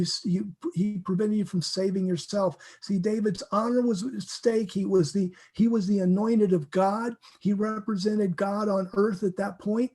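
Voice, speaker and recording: A man teaching through a Bible passage, earnest and animated, stopping often to restart words. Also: sits high. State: emotional.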